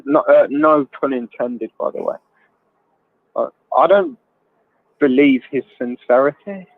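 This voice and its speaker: A man's voice: mid-range voice, animated, a little slow, vocal fry, no echo. Joking man on a tinny line. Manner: jokey, tells rambling bawdy anecdotes with laughs. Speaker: livestream host. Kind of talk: casual banter on a call-in livestream. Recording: tinny phone-like sound.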